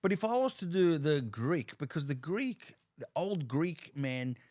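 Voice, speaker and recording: A man's voice: a little high, unhurried. A man, a comedian hosting a casual conversation, telling stories animatedly with many restarts. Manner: animated storyteller, repeats and restarts while gesturing with his voice. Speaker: comedian and show host.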